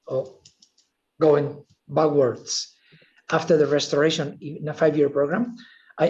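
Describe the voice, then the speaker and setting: Spanish-accented visiting prof, a man, slightly high voice, muffled lo-fi call sound, careful halting english. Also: darkish tone. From Spain. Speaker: visiting professor asking a question. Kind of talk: seminar question from the audience.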